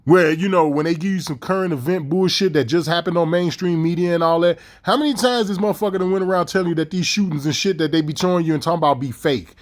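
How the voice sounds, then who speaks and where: A man ranting in a heated, profane, repetitive way. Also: on the high side. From Chicago. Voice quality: fast, heated, repetitive delivery. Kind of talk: profane conspiracy rant.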